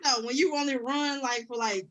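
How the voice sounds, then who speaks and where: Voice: high voice, a little fast, noisy background. A podcast co-host telling casual stories with lots of laughter. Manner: animated storytelling, laughs often. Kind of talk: casual chat.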